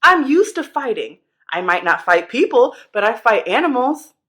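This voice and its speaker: Woman doing a brash shepherd kid, slangy and cocky, voice jumped way up high. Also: sing-song, moderate pace, a bit bright. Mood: boastful. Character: bold brash young shepherd boy.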